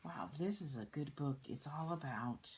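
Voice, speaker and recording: An older woman reading a children's picture book aloud, soft-spoken and often slipping into a whisper. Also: deep voice, expressive, moderate pace, poor audio.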